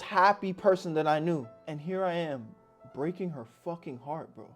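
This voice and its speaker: A man's voice: a little high, normal speed, soft background music. Slangy young man telling a story. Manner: slangy and candid, reflective. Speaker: animated storytime narrator. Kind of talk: casual storytelling.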